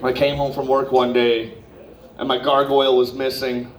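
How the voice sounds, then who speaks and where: A young man doing open-mic stand-up, rambling through a profane story with lots of asides. His voice sits at an ordinary pitch for a man. The recording is roomy and echoey, caught from some distance off the mic. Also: little pitch movement, moderate pace. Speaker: stand-up comedian. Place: comedy club open mic.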